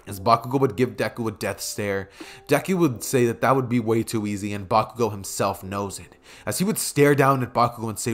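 A man's voice: mid-range voice, a little fast. A young man casually improvising a fan story, rambling with many fillers and chuckling asides, at a desk mic by a keyboard.

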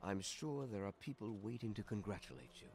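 A haughty, cold overseer from a video game, speaking formally and dismissively. His pitch moves in wide, lively swings. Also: a little fast, a little hiss or hum.

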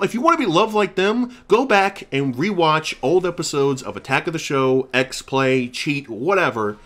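A man's voice: on the high side, a bit bright. A man delivering a heated, profane, sarcastic rant, repeating himself and restarting lines as he gets worked up. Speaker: YouTube commentator. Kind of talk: angry rant to camera.

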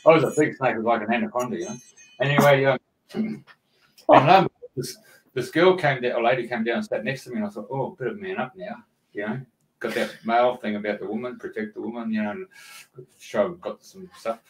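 A man with an Australian accent, a radio host telling a dream story in casual chat, animated and laughing as he talks. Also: medium pitch, a little fast, far from the mic, low-quality recording.

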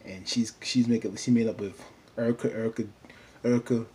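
A man's voice: medium pitch, steady tone, fairly quick, warm tone. A man casually recapping a TV episode in a loose, rambling way, filling his talk with "you know.". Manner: chatty, loose, full of "you know" fillers.

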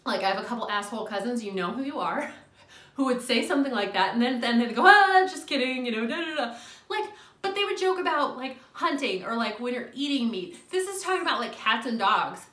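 A young woman telling an animated, exasperated storytime rant at home, swearing and laughing as she goes. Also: fairly high pitch, brisk, reverberant. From US Midwest. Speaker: vlogger.

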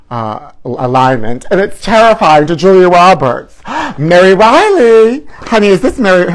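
A man hosting a live celebrity gossip stream. He talks in a campy, theatrical way, calls viewers honey and trashy, and swoops up into mock outrage. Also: mid-range voice.

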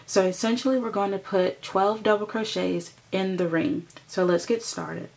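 A woman's voice: mid-range voice, steady tone, moderate pace, gravelly, darkish tone. A woman hosting a crochet tutorial, patiently explaining each step and counting stitches aloud as she works.

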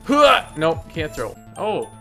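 A man hosting a let's play, joking and breaking into loud excited outbursts as he plays. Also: fairly high pitch, takes it slowly, soft background music. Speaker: gaming video host.

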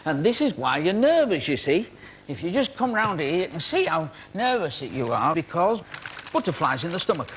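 A man's voice: on the high side, big pitch swings, normal speed, a bit bright, slight background noise. A man playing a magician in a comedy sketch, talking with showman patter and mock grandeur. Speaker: guest magician. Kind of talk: comic stage sketch.

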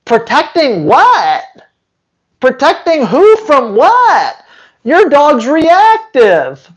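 Very high-voiced and very slow, this man's pitch swoops wildly. As host of a dog training channel, he answers viewers' questions live, teasing and blunt, firing off rhetorical question after rhetorical question.

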